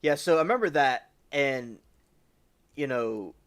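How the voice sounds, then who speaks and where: A man's voice: medium pitch, animated, a little slow, fairly bright tone, clear, resonant tone. A man from the US South hosting a livestream, rambling casually with lots of fillers and restarts. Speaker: livestream host.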